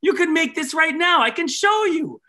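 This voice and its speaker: A man performing a magic show for children, animated and leading the audience in call-and-response. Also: very high-pitched, moderate pace. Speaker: maker magician giving keynote.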